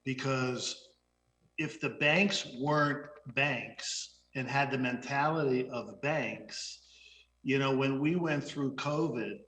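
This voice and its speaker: A man's voice: medium pitch, slow pace, fairly bright tone, a little hiss or hum. A middle-aged man, a guest in the mortgage business, who explains his work and acts out talks with his clients. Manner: storytelling, acts out dialogues with clients. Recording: roomy echo.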